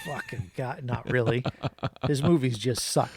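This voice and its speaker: Over a loud crowd, a man with a medium-pitched, unhurried voice co-hosts a podcast. He gives a rambling, opinionated movie review in a casual chat, going off on animated rants.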